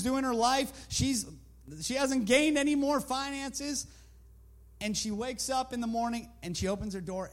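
A male preacher with a very high voice, delivering a sermon. He tells stories, repeats his points for emphasis and leans into an emphatic, animated delivery. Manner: emphatic, storytelling, repetitive.

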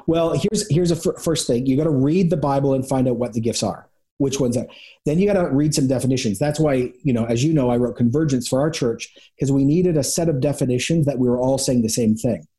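A man speaks as a guest pastor on an interview podcast, with a mellow, warm tone. He tells lively stories, slipping into quick impressions of the people in them. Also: medium pitch. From Canada. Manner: animated storyteller, acts out quick voices of people. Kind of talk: conversational interview.

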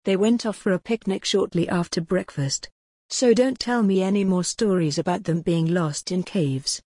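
A woman's voice: fairly low pitch, moderate pace, warm tone, breathy edge, no echo, studio quality. A woman voicing a stern, bossy woman in a storybook, scolding and firm.

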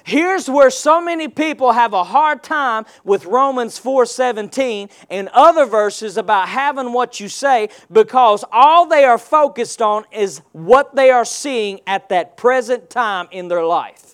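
A man's voice: very high voice, unhurried, few pauses, smooth. A male pastor preaching a sermon, firing rhetorical questions and call-and-response prompts at his congregation.

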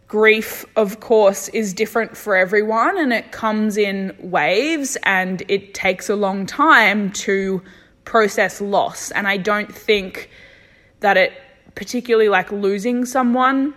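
A woman's voice: mid-range voice, a bit bright. A young woman talking candidly in a reflective personal vlog, thinking aloud and swearing freely. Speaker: vlogger.

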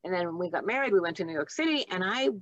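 A woman's voice: on the low side, expressive, rapid-fire, no room sound. A woman in her seventies speaks as an interview guest, sharing her memories in a heartfelt and reflective way. The sound is close and dry, and a little dull and muffled. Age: 70s. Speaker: guest, nurse and author. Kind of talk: storytelling interview.

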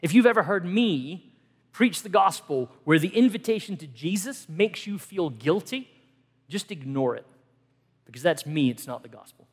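A middle-aged male pastor giving an earnest sermon, moving between emphatic lines and hushed ones. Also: high-pitched, expressive, moderate pace, husky. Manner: earnest, dynamic preaching that swings from emphatic to hushed. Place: church hall. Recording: reverberant church hall.

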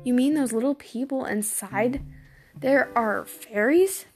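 A curious young Cinderella, as a woman reads her aloud in a storybook tale. She sounds hesitant and full of questions, with a fairly high voice. Faint guitar plays behind her. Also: unhurried, darkish tone.

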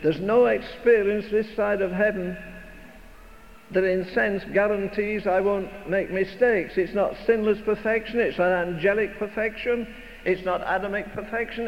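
Here the older preacher's high voice holds a steady tone and a moderate pace as he drives home repeated, rhetorical phrases with emphasis. The hall is reverberant, the sound dull, with a faint noise.

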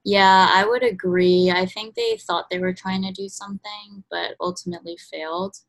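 A woman's voice: mid-range voice, steady tone, normal speed, poor audio. Chatty young woman podcast co-host. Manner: chatty, lots of ums and likes. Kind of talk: casual chat.

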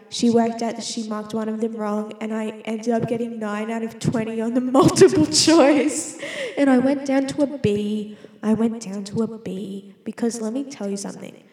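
A woman's voice: fairly high pitch, darkish tone. A woman, a student, talking to herself in a playful, rambling monologue that keeps interrupting itself. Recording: echoey room with long reverb.

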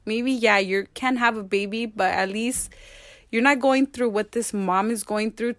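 Switching back and forth between Spanish and English, a woman speaks emotionally as a guest in a personal interview conversation. Her fairly high voice comes through in a dry, clean studio recording.

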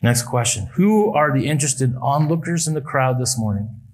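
Male pastor, mid pitch, sermon delivery with emphatic rises and quiet landings. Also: expressive, normal speed, poor audio. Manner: preaching with rising emphatic appeals and quiet drops. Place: church service.

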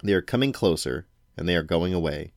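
A man voicing an aloof, sleepy male cat in a storybook, speaking slowly and cryptically. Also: low voice, expressive, no echo, studio quality. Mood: drowsy cryptic. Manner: slow, lazy and cryptic. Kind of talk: storybook read-aloud.

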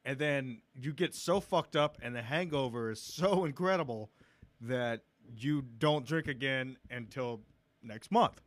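A man's voice: medium pitch, a little slow, dry recording. A man hosting a podcast, teasing his guest in casual, profane banter over a video call. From Texas. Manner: teasing, swearing, laughs often. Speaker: podcast host.

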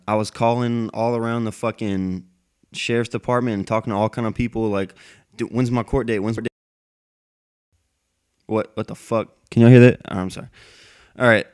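A man with a fairly low, clean and resonant voice tells a long personal story into his microphone. He rambles, swears constantly and talks with heated frustration. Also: smooth. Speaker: military veteran telling a personal story. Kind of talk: casual storytelling monologue. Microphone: plug-in microphone.

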